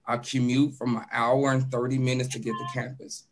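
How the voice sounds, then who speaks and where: A man's voice: mid-range voice, flat delivery, a little fast, slight background noise. Outgoing man from Chicago on a video call. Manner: casual, outgoing, repeats himself. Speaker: career services manager and business instructor. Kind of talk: workshop self-introduction. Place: his home.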